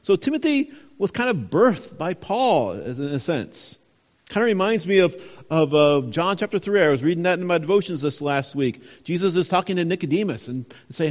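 A man preaching a sermon, emphatic and animated, correcting himself now and then as he goes. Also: on the high side, a little fast, in a large hall, dull audio. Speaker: pastor.

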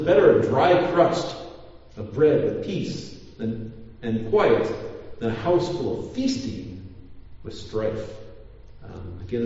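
A man's voice: mid-range voice, mellow. A man preaching a sermon as pastor, talking in a rambling way with many restarts and fillers. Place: church. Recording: echoey church hall, mic far off, dull.

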